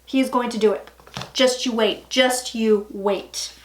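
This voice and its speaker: Woman psychic, high voice, chatty and theatrical delivery for a tarot reading vlog. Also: steady tone, slight background noise. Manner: chatty, dramatic, with sudden loud asides and drawn-out phrases.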